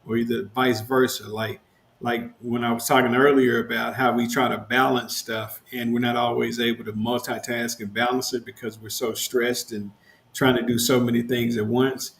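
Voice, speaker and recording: A man's voice: medium pitch, flat delivery, moderate pace, a bit bright. A man in a casual podcast conversation who talks reflectively, with lots of "like" fillers. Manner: reflective, loose, uses fillers like "like". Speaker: podcast co-host. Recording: roomy with faint background noise.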